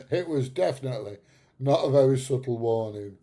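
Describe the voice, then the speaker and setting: A middle-aged man with a gravelly, dark voice chats to his livestream viewers. He rambles through stories and laughs at his own jokes. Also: mid-range voice, expressive, moderate pace. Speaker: livestream host. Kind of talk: casual chat with live viewers.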